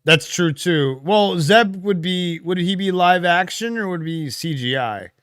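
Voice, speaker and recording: In a high-pitched, clean-toned voice, this unhurried man co-hosts a casual livestream, thinking aloud while answering comments from viewers. He's relaxed, dropping fillers and laughing as he goes. The studio sound is clean, with no echo.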